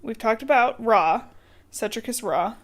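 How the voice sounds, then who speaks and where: A woman's voice: a little high, animated. Teasing woman podcast co-host. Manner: teasing, quick, laughs often. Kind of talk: casual chat about a book.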